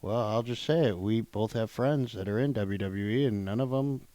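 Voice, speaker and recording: A man co-hosting a podcast, joking and grumbling in a low-key way. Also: moderate pace, mellow, dry recording. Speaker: podcast co-host. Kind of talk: casual chat.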